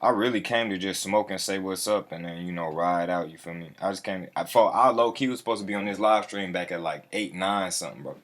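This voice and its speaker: A man with a fairly low voice hosts a relaxed livestream. He talks in loose slang, cycles through the same catchphrases again and again, and greets his viewers one by one by name. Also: a little fast, hardly any pauses. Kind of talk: casual livestream chat.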